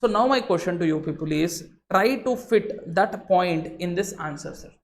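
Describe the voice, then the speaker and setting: Roomy Indian English law lecturer. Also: male voice, high voice, moderate pace. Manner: animated teacher, sprinkles "sir" and Hindi asides, shifts tone for emphasis. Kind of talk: recorded exam-prep lecture. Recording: roomy echo, faint noise.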